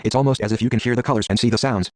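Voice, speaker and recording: A man reading a text adventure game aloud in a brisk, matter-of-fact way. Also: mid-range voice, steady tone, dry recording.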